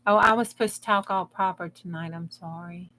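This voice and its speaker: A woman's voice: on the low side, fairly even intonation, brisk, bright, forceful tone. A woman, chatting in a rambling, folksy way to her live audience while she crafts. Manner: rambling, folksy, talks to the chat as she works. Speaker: crafting livestream host. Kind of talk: casual chat while crafting.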